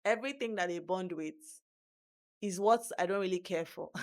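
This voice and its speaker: A young adult woman from Nigeria with a Nigerian accent, giving animated, emphatic advice in a casual vlog monologue. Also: mid-range voice, measured pace. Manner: animated, emphatic, repeats words for stress. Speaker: vlogger.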